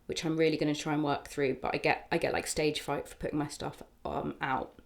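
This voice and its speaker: Low-voiced woman comedian chatting. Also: creaky. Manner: quick, animated and chatty. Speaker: comedian guest. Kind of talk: casual podcast chat.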